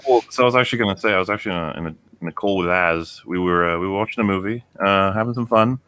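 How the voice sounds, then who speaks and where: A man's voice: low voice, racing, fairly bright tone, smooth, dry recording. A man chatting casually as a podcast guest, with dry, sarcastic humor. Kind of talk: casual chat.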